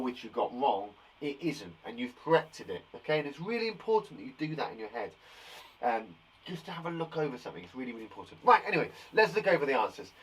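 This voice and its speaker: A middle-aged man teaching times tables to young children in a playful, jokey, encouraging way. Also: a little high. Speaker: primary school teacher. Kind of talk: live online lesson for young children. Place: garden shed. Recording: voice a bit far from the mic.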